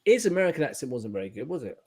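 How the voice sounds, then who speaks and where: A man's voice: mid-range voice, big pitch swings, rapid-fire, over a noisy crowd. A man who is a guest in a casual podcast chat, chiming in with brief, eager remarks.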